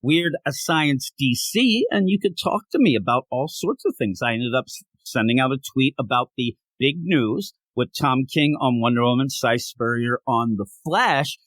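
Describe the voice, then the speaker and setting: A man's voice: medium pitch, lively intonation, moderate pace, hardly any pauses, a bit bright, no room sound. A man hosting a casual comic book podcast, joking and rambling while sick and short of breath. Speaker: podcast host.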